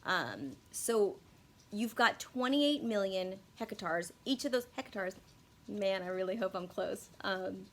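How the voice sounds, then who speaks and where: A woman's voice: medium pitch, expressive, slow, a little hiss or hum. A young woman talking casually to her viewers in a rambling, profane, self-deprecating way, often losing her words and restarting. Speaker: YouTube commentator. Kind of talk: casual unscripted video monologue.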